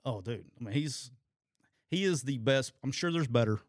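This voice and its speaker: A middle-aged former football coach spins stories in casual sports talk, his mid-range voice moving at a moderate pace. He laughs often and acts out other people's lines in raised voices. The recording is clean studio sound with no echo.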